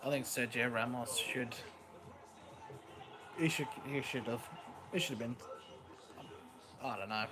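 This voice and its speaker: A man's voice: medium pitch, a little slow, pauses often, over music, rough recording. An Australian man chatting casually on a live stream, rambling and joking and laughing often, talking into a headset microphone.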